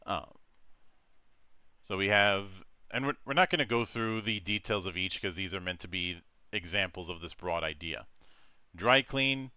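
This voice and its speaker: A man's voice: deep voice, expressive, moderate pace, pushed and bright, clear, resonant tone, no echo. A man hosting a tabletop game stream, reading rules with many fillers and restarts. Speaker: game master.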